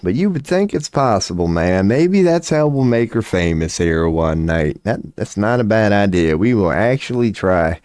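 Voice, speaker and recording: A man with a lowish, darkish voice riffs casually and profanely on a home webcam stream, animated and at a moderate pace with few pauses. He jokes loosely, slips into silly voices, and rambles in typical casual stream talk. Though picked up by a webcam mic, the sound is clean and studio-like with no room sound.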